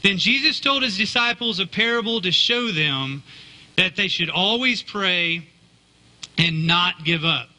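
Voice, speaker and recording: A man's voice: sits high, sharp tone, low-quality recording. A male pastor preaching a sermon in a conversational, joking storytelling manner.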